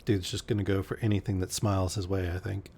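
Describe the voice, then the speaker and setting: A man's voice: deep voice, little pitch movement, fast, a little mellow, a little hiss or hum. A man reading a classic mystery novel aloud, breaking off for dry joking asides.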